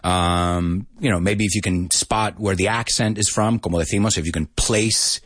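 A man hosting a casual live English lesson, animated and chatty, slipping between English and Spanish phrases and laughing often. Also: sits low, normal speed, dry recording, clean studio sound.

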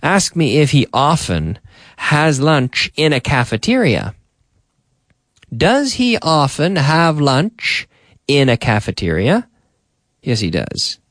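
A man's voice: fairly high pitch, huge pitch swings, fairly bright tone, dry recording, studio quality. A man teaching English on a radio lesson. He drills words and phrases by repeating them, and he asks and answers his own practice questions. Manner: drills phrases with slow repetition. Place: radio studio.

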